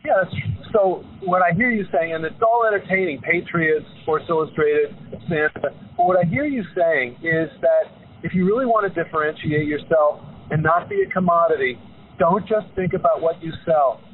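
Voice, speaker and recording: A man with a fairly high voice hosts a podcast interview, asking questions and restating what his guest says. His voice comes through thin and tinny, with a faint hiss behind it. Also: normal speed. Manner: probing, paraphrases guest's points. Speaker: podcast host. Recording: tinny phone-line sound with faint noise.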